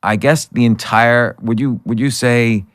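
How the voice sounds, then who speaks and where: A man hosting a podcast interview who asks curious questions in halting bursts and often restarts his sentences. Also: medium pitch, a bit bright, no room sound, studio quality. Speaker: podcast host.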